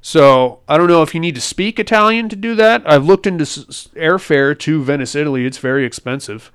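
A man's voice: on the high side, animated, a little fast, fairly bright tone, smooth. A man hosting a podcast, casually recapping a film in a rambling, crude and joking way. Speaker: podcast host.

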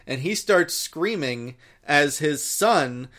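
Profane, animated man retelling a story. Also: on the high side, takes it slowly. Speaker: podcast co-host recapping a story. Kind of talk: casual chat.

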